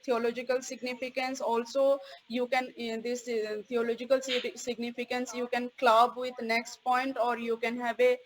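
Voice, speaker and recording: A woman's voice: on the high side, level tone, normal speed, few pauses, rough recording. A woman giving a recorded theology course lecture, stressing key words and checking in with "okay?" after each point.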